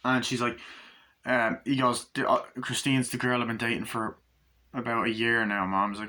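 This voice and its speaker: A man casually reviewing a film, rambling and acting out the characters' lines in quick little voices, swearing freely. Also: mid-range voice, level tone, sharp tone. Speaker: movie reviewer.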